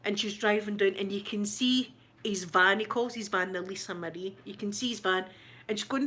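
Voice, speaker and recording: A woman's voice: mid-range voice, normal speed. A Scottish woman chatting casually on a livestream, telling gossipy stories with a lot of laughter. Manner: animated, gossipy storytelling with lots of laughter. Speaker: ASMR YouTuber answering live chat.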